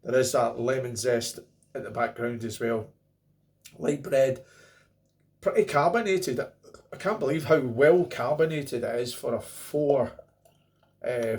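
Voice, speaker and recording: A man's voice: mid-range voice, a little mellow. A middle-aged Scottish man talking casually to camera as he reviews a beer, rambling and joking. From Scotland. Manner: chatty, rambling, jokey asides.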